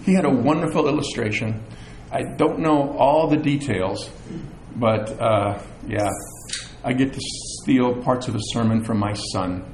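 A middle-aged man preaching a sermon as pastor, animated, with chatty asides and self-deprecating humor. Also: medium pitch, measured pace, a little hiss or hum. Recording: echoey room with faint ambience.

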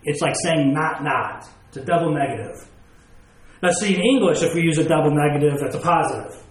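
Male preacher, slightly raised pitch, explaining scripture with homely examples, echoey room. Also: a little fast. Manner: explains with everyday examples and rhetorical questions. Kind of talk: sermon with scripture reading.

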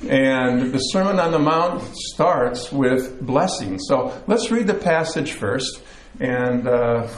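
A man's voice: mid-range voice, slow, slight background noise. Man, pastor, sermon, easygoing storyteller, mid-range voice, roomy church echo. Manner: relaxed storyteller, easygoing with fillers. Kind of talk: sermon with a joke opener.

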